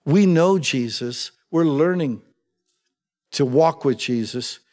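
A man's voice: fairly high pitch, slow. Man preaching in a reverberant hall. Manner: animated, rising to loud emphatic calls. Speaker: pastor. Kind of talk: sermon. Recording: long reverb of a large hall.

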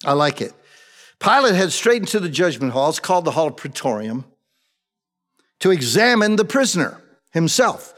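A man with a fairly high, fairly bright voice and big pitch swings preaches at a moderate pace, pausing often. His conversational sermon reads Bible verses, then paraphrases them in plain everyday talk, ringing with a large hall's long reverb.

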